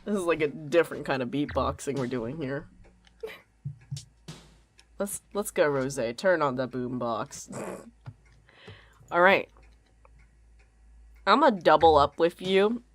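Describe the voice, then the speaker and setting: Low-voiced woman streamer narrating a horror game. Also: animated, slow pace, pauses often. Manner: reads game text, swears, jokes with co-players.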